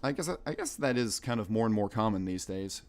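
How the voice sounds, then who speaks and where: A man's voice: on the low side, fairly quick. A young American man streaming, reading a visual novel aloud and rambling between lines. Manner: rambling, animated commentary with laughs.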